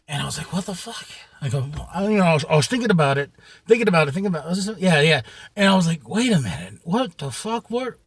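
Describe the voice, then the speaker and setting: Animated, profane man with a high voice. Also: breathy edge, no echo. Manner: animated and profane, with sudden shouts; rambling, with many repeats and restarts. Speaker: vlogger. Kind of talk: casual storytelling to camera.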